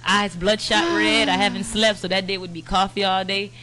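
A woman guest in casual podcast chat, telling animated stories and quoting the people in them. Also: mid-range voice, normal speed. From United States, Haitian family. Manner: animated storyteller, quotes people in their own voices. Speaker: podcast guest, media brand owner.

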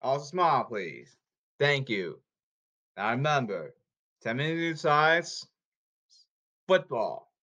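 A man's voice: mid-range voice, very animated, slow, long pauses, pushed and bright. A man talking casually to his audience, rambling and repeating himself as he jumps between topics. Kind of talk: casual rambling talk to camera.

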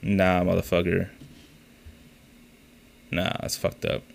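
Low gravelly man ranting casually. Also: completely flat delivery, slow. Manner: profane, rambling, exasperated storytelling. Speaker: podcast host. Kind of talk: casual solo podcast rant.

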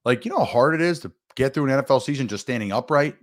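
Emphatic former football player on the radio. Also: male voice, lively intonation, very fast. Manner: emphatic, with big jumps in pitch. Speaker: guest, former NFL player. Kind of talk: casual sports radio talk.

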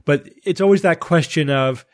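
A man's voice: a little high, normal speed, dry recording, studio quality. A man hosting a casual science podcast, reading a listener email and then explaining step by step with frequent restarts. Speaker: podcast host.

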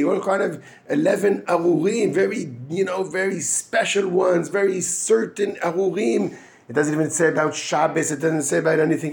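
High, gravelly man giving a Torah talk. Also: a little mellow. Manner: halting, with frequent restarts and fillers; mixes Hebrew terms into English. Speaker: yeshiva rabbi giving a weekly Torah talk. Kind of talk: informal Torah lesson.

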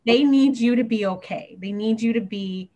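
A woman's voice: fairly high pitch, normal speed, a little mellow, a little hiss or hum. Earnest woman teacher talking in long run-ons. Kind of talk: casual podcast chat.

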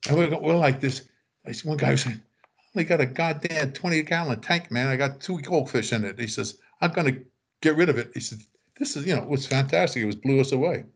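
A man's voice: mid-range voice, fairly quick, breathy edge. An older man telling rambling anecdotes in casual chat, acting out quoted voices and chuckling. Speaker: author telling stories.

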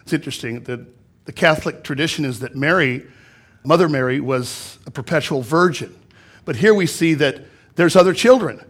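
A male pastor with a fairly high voice preaches to his congregation in a church. He reads scripture aloud, then unpacks it and drives points home with emphatic repetition. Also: normal speed, fairly bright tone. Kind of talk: sermon. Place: church sanctuary.

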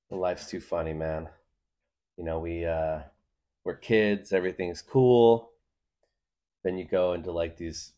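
A man's voice: sits low, a little mellow. A young man hosting a podcast, rambling through a loose, jokey comedic monologue and laughing often. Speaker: podcast host.

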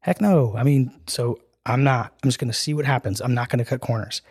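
A man's voice: medium pitch, a little fast, slightly rough. A man as a podcast guest telling a personal story in a casual, earnest way, acting out the dialogue with lots of "like" and "dude". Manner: animated storyteller who acts out dialogue with "I'm like" and "he's like"; earnest and emotional, with filler "like" and "dude".

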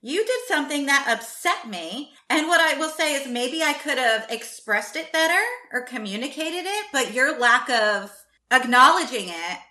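Woman, emphatic, heartfelt, bright tone, echoey room. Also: high-pitched, lively intonation, normal speed. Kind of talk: casual group discussion.

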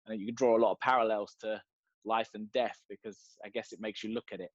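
A man's voice: on the low side, little pitch movement, fast, no room sound. A man musing thoughtfully in a casual chat. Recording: slightly dull lo-fi mic.

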